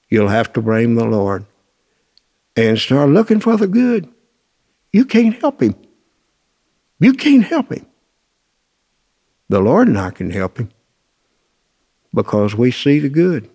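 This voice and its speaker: An older man, giving a folksy, emphatic motivational talk that swings from loud to hushed. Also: mid-range voice, sing-song, measured pace, gravelly, pauses often. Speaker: motivational speaker. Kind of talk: storytelling sermon.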